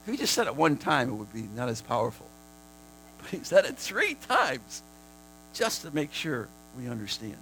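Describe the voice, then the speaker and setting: A man preaching a sermon, repeating phrases for emphasis and swinging between a hushed, prayerful murmur and high, shouted declarations. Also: huge pitch swings, normal speed, slight background noise, low-quality recording.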